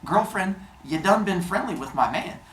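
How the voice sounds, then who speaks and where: A man voicing a jealous, sassy queen goddess with a slow drawl, recorded from across an echoey classroom. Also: high-pitched, animated, a bit bright, far from the mic, a little hiss or hum, pitched above the performer's own voice. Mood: scolding.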